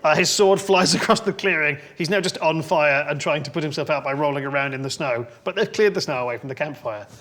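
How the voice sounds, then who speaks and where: An English man narrates a tabletop game as dungeon master, his voice sitting a touch high. He rambles through the action and laughs often at his own descriptions. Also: fast talker, few pauses, fairly bright tone. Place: indoor room.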